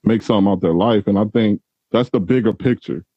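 Male host, low voice, reflective, encouraging, dry muffled recording. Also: a little fast, husky, no echo. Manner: reflective, encouraging, asks probing questions. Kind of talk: interview, motivational talk.

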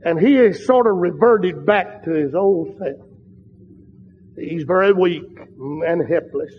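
A man's voice: high-pitched, takes it slowly, slightly rough. A man preaching a sermon, telling a story and building to fervent, emphatic peaks with repeated phrases. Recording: long hall reverb, dull lo-fi sound.

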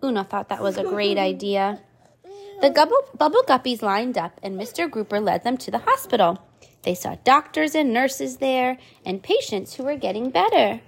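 Mom reading a kids book out loud to her little one, lively swoopy voice, kinda high. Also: gravelly. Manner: animated, chatting with her child between pages. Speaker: parent reading to child. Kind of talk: reading a picture book aloud.

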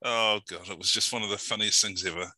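A man's voice: fairly low pitch, fairly even intonation, fast, crowd noise, low-quality recording. A man, hosting an interview and telling a funny story in a chatty way. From New Zealand. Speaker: interviewer, host. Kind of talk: casual interview chat and anecdote.

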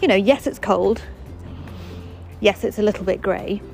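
A woman's voice: mid-range voice, a little slow, gravelly, a little mellow, soft background music, poor audio. Wry woman chatting on a walk. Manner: wry, self-deprecating, chatty with frequent restarts. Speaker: podcast host. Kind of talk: casual chatty monologue while walking. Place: outdoors on a footpath.

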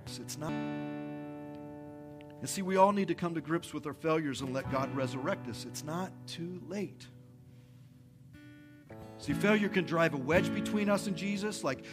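A man, a pastor, preaching a conversational, energetic sermon in a church, repeating his phrases for effect. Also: on the high side, a little slow, long pauses. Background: soft guitar music.

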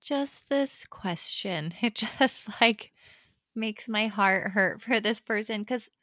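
A woman's voice: mid-range voice, expressive, takes it slowly, fairly bright tone, no room sound, studio quality. A young woman, a mother, co-hosting a podcast and giving candid, chatty advice on parenting. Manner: candid and chatty, many fillers. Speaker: podcast co-host. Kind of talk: casual advice talk.

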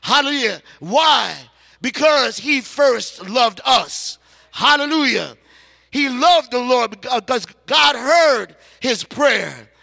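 A man preaching a sermon to his church, stretching out words slowly and calling out hallelujah between phrases. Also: extremely high pitch, animated, gravelly, pushed and bright. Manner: preaching with frequent hallelujahs and slow emphatic phrases. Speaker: pastor. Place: large church sanctuary. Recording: long hall reverb.

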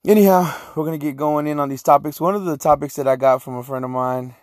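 A man's voice: fairly high pitch, quick pace, no echo, studio quality. A young man from Texas, hosting a casual solo podcast, rambling and joking with lots of slang and swearing. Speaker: podcast host.

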